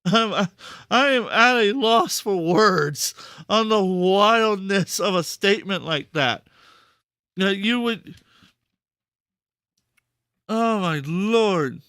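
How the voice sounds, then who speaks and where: A man's voice: sits high, slow, long pauses, pushed and bright, no echo, clean studio sound. A man hosting a live stream, talking casually and repeating himself in disbelief, stammering for words. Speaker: podcast host and streamer.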